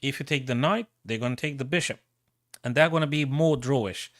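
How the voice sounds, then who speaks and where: Excitable man calling chess moves live. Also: mid-range voice, a little fast, no echo, clean studio sound. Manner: thinking aloud, excitable, repeats himself. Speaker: chess streamer.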